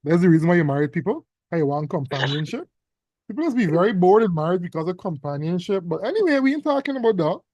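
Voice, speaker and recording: A man teaching a casual exam revision class, teasing students with loud bursts. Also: high-pitched, sing-song, fast, no echo.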